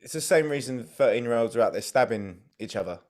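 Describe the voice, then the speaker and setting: A man co-hosting a casual podcast live stream. His pitch is average, and he drops dry, joking asides while reading out viewer questions. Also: lively intonation, fast talker, darkish tone. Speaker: podcast co-host.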